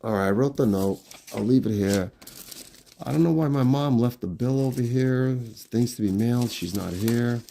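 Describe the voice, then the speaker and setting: A middle-aged man in his fifties talks casually to his viewers on a phone live stream, walking through his family home. His voice sits at an ordinary middle pitch and often drops soft and low as he trails off, chatty and unhurried. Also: vocal fry, slight background noise. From New York. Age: 50s.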